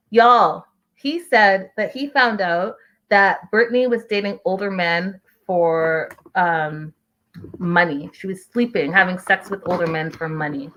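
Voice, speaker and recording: A woman hosting a casual reality-show recap, chatty and animated, retelling scenes in slang for her live viewers. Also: on the low side, takes it slowly.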